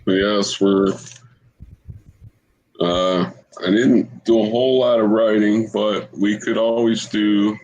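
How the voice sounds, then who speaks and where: A man's voice: fairly low pitch, steady tone, takes it slowly, pauses often, darkish tone, dull audio, a little hiss or hum. A man co-hosting a podcast in casual chat, talking hesitantly with many fillers. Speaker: podcast co-host.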